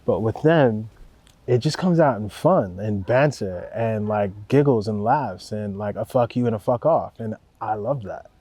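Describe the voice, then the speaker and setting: A man's voice: fairly low pitch, measured pace, breathy edge, no room sound. A young man, a record producer, talking casually in an interview, laid-back and rambling, swearing freely as he praises the people he works with. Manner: calm and warm-spoken.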